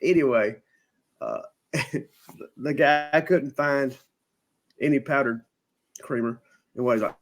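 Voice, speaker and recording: A man's voice: mid-range voice, slow, pauses often. A man hosting a podcast, casually telling a long funny story and mimicking the people in it. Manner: animated anecdote teller, mimics people he quotes. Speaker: podcast host.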